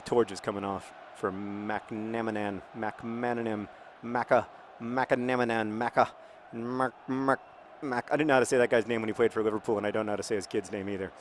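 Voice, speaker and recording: A man casually commenting on his football video game in a rambling, jokey way, breaking into excited shouts. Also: fairly low pitch, fast talker, few pauses, a little hiss or hum. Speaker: gaming video host.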